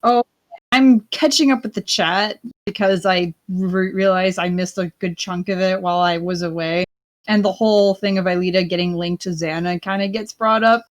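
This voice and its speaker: A woman's voice: lowish voice, steady tone, normal speed. A woman co-hosting a livestream, chatting casually and often filling her sentences with "like". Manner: chatty, fills her speech with "like". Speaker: livestream co-host.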